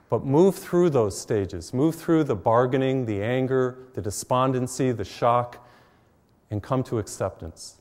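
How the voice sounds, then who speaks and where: A middle-aged priest preaches in a relaxed, conversational way, weaving homely personal stories into his sermon. His voice sits at an ordinary middle pitch for a man. The sound carries a long reverb from the church around him. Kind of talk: televised sermon. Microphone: mic while facing cameras.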